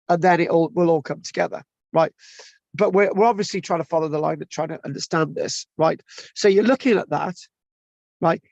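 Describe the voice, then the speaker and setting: Gravelly high-voiced man lecturing. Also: no room sound. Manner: chatty, keeps checking in with tag questions and restarts. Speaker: lecturer teaching an online class. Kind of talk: informal lecture. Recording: dull lo-fi, dry sound.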